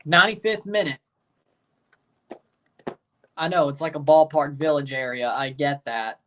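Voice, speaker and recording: A man's voice: on the high side, a little slow, a bit bright, slight background noise. A man hosting a live match watchalong, chatting casually and answering viewer comments as he reads them. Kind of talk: casual live reaction chat.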